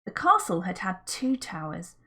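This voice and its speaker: A woman's voice: lowish voice, big pitch swings, normal speed, bright, forceful tone, a little hiss or hum. A woman reading a children's adventure book aloud as a narrator, telling the story expressively. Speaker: audiobook reader.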